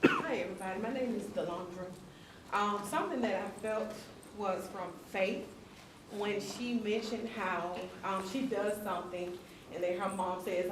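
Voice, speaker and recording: A woman's voice: medium pitch, moderate pace, noisy background. A mother speaks sincerely and apologetically at a community forum. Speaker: mother in audience. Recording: echoey hall, distant mic.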